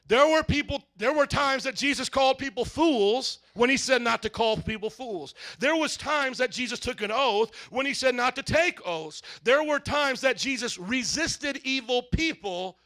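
A man pastor preaching a sermon, swinging from loud emphatic shouts to soft asides. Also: very high-pitched.

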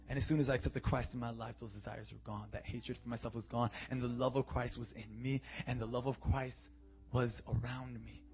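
A young man preaching as a youth pastor, calling for amens and swinging from quiet, intimate talk to shouted declarations. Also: medium pitch. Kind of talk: sermon. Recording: dull, muffled sound with faint music.

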